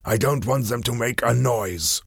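A man voicing a cunning, cruel masked villain in a storybook reading, slow, menacing and commanding. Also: mid-range voice, vocal fry, slightly rough, dry recording, studio quality, pitched above the performer's own voice.

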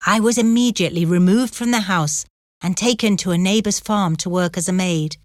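A woman narrating an audiobook chapter in a measured, even storytelling manner. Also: mid-range voice, no room sound, studio quality.

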